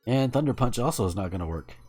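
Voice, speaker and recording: A young adult man from the American South, giving animated live commentary while gaming, cursing and laughing at the game. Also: medium pitch, normal speed, soft background music. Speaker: game streamer.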